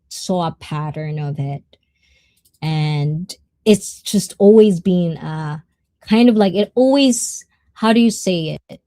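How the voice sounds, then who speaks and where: A woman's voice: on the low side, warm tone, no echo. A woman hosting a livestream, chatting casually and greeting viewers in the chat. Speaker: livestream host.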